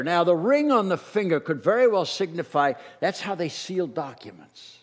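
A middle-aged man preaching a sermon as a pastor, telling the story in an animated way and acting out the voices he quotes. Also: high-pitched, normal speed. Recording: long reverb of a large hall.

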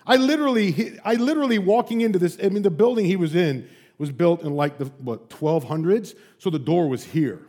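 Brief: preacher with a high voice, lively storyteller, chatty asides. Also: male voice, a little fast. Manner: animated storytelling, frequent asides. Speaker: pastor. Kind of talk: sermon.

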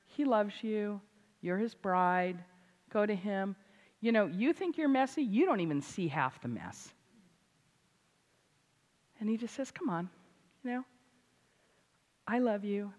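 An older woman, a grandmother and author, preaching a sermon with animated, emphatic delivery. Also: mid-range voice, unhurried, long pauses. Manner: animated, rising to loud emphatic exclamations. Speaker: Christian speaker and author. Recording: hall reverb.

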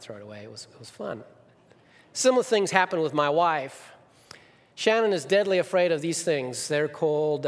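Middle-aged male pastor, high-ish voice, animated storyteller, hall reverb. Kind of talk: sermon with personal stories. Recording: long reverb of a church hall.

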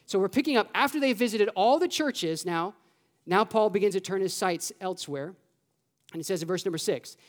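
A pastor preaching a sermon to a church congregation in a lively, conversational way, with rhetorical questions, casual fillers and quick asides. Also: mid-range voice. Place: church sanctuary.

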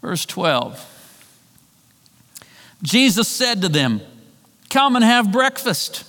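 A man preaching a sermon, retelling a story and acting out the voices in it, shifting between loud and hushed delivery. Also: high-pitched, big pitch swings, slow. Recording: long hall reverb.

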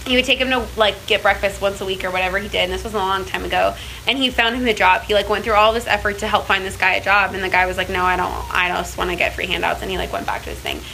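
Fast, bright-voiced young woman telling stories. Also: medium pitch, slight background noise, low-quality recording. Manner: chatty, heavy with filler words and restarts. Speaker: speaker in a church series. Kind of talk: casual personal storytelling in a faith talk.

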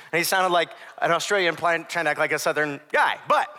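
A man's voice: a little high, animated, quick pace, hardly any pauses, sharp tone. A young adult man preaching a sermon as pastor, conversational with joking asides.

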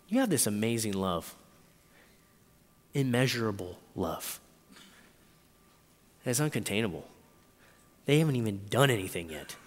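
Male preacher, animated storyteller, expressive range, echoey hall. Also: medium pitch. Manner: animated storytelling with quick voice swings, frequent "right?". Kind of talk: sermon.

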